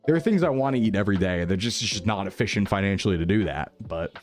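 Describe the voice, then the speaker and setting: A man's voice: deep voice, animated, fast, faint music behind. A man streaming live, chatting casually with viewers in a rambling, upbeat way and often repeating himself.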